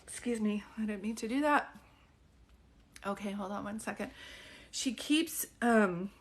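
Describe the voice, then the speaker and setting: A woman's voice: medium pitch, creaky, a bit bright. A middle-aged woman, a psychic medium, giving a chatty live-stream reading, full of fillers, questions and laughs.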